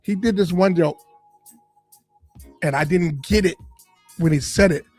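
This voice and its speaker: A man from Boston, a comedian and radio guest, telling lively stories in a casual interview. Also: sits high, measured pace, faint music behind. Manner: animated storyteller, lively and full of punchlines.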